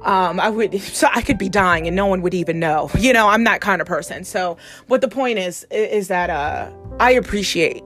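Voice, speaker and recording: A woman's voice: mid-range voice, moderate pace, a bit bright, faint music behind. A woman who is a psychic medium, talking candidly in a casual monologue, swearing freely and laughing often. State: gets emotional, near tears. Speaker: psychic medium and podcast host.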